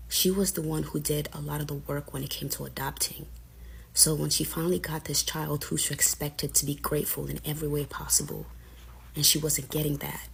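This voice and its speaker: Low, gravelly-voiced woman telling a story. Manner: candid, frustrated recounting with quoted dialogue. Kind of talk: casual personal story time.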